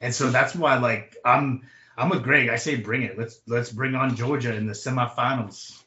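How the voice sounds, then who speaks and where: Hesitant, bright-voiced podcast co-host. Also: male voice, mid-range voice, fairly even intonation, moderate pace, muffled recording. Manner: hesitant, lots of fillers and restarts. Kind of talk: casual sports podcast chat.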